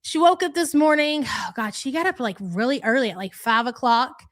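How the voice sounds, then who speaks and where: A woman's voice: sits high, lively intonation, normal speed. A woman hosting a live stream, chatting casually and reading out viewer names. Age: adult parent.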